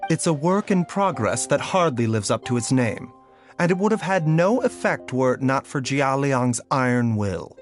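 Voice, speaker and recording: A composed, curious doctor who speaks with measured, softly amused calm, voiced by a man. His pitch moves in lively swings across each line. Faint game music plays behind him. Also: natural voice. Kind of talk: game voice acting.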